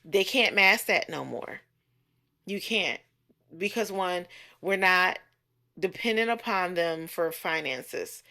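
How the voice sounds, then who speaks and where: 30s woman ranting about men, bright voice, blunt and salty, acts out what ppl said. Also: on the low side, takes it slowly, vocal fry. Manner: blunt, animated, profanity-laced, mimics others' voices. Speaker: relationship coach vlogger. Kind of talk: casual storytelling rant.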